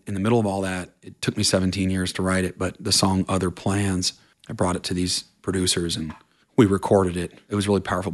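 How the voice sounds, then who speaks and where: A man with a very low, deep voice tells his story in an interview, earnest and unpolished. His sentences run on and tumble over each other as the memories come. It sounds like a casual sit-down chat. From Vermont, USA. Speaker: guest, country singer.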